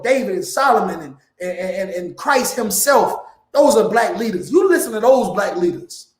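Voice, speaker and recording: A man preaching in a heated, blunt lecture, often ending his lines with "man". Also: high-pitched. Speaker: preacher teaching a class. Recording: echoey room.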